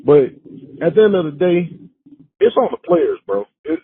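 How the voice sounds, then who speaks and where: A man's voice: a little high, big pitch swings, moderate pace, gravelly, slight background noise. A man in his thirties leaving a heated, slangy voicemail for a sports show, exasperated with the players. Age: 30s. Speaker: caller. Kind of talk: casual voicemail rant. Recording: tinny phone voicemail.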